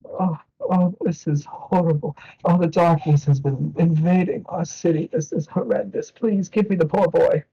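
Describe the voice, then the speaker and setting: A man's voice: fairly high pitch, steady tone, moderate pace, creaky, warm tone, breathy edge, highs cut off, pitched above the performer's own voice. A man voicing a wrinkled old male elven priest who is kind and worried, speaking earnestly. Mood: concerned. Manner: earnest, pleading, blessing-giving.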